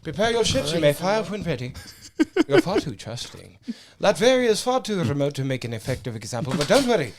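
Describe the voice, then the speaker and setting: A man's voice: fairly high pitch, big pitch swings, a little fast, noisy background. A man putting on the voice of a cold, imperious older male space-empire commander, with a clipped, haughty delivery. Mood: cold, menacing.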